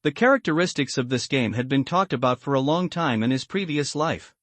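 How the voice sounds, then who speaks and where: A man reading a translated comic story aloud as a recap narrator, in a steady, even manner. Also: a little high, dry recording.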